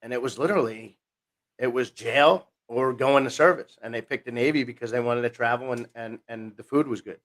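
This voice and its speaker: A man's voice: medium pitch, fairly quick. Casual storyteller: New man, fifties, podcast guest, restarts often and acts out quotes. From New Jersey, USA. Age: 50s. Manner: rambling, self-interrupting, animated retelling with quoted voices.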